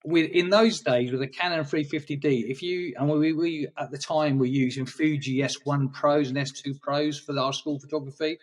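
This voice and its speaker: A man's voice: on the high side, fairly even intonation, normal speed, hardly any pauses, distant mic. A man chatting in an interview about his photography, rambling and hesitant, with many restarts. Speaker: guest photographer. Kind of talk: casual interview chat.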